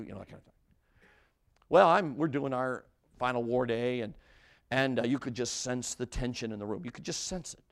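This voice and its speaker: A man preaching a sermon as a story, repeating phrases and restarting, dropping from loud, emphatic lines to hushed ones. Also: mid-range voice, lively intonation, a little fast. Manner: dramatic, swings from loud to hushed.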